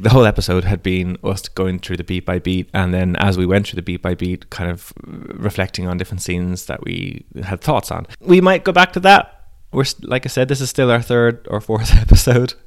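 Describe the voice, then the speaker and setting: A man's voice: on the low side, dry recording, studio quality. A man co-hosting a casual podcast, rambling and correcting himself as he recaps a film. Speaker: podcast co-host.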